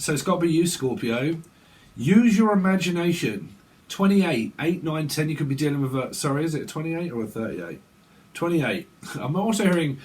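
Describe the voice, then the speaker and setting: A man's voice: medium pitch, lively intonation, moderate pace. A man giving a rambling, joking tarot reading, swearing and laughing at himself. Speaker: tarot reader. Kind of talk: casual tarot reading monologue.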